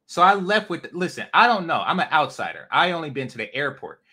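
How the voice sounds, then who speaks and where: A man's voice: fairly high pitch, big pitch swings, brisk, sharp tone, slightly rough. A man from California hosting a casual livestream, ranting bluntly with lots of profanity and rambling asides. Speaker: host.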